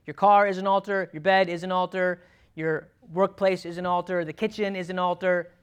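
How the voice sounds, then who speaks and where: A man's voice: high-pitched, level tone, moderate pace, smooth, lo-fi sound. A man preaching a sermon in an emphatic, conversational way, often checking in with "okay?" and "right?". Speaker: pastor.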